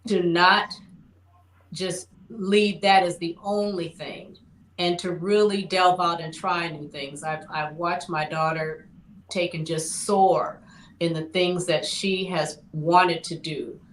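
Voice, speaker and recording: A woman's voice: lowish voice, fairly even intonation, slow, a bit bright, roomy sound, slight background noise, low-quality recording. A mother speaking earnestly as a guest on a panel talk show. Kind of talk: casual panel chat.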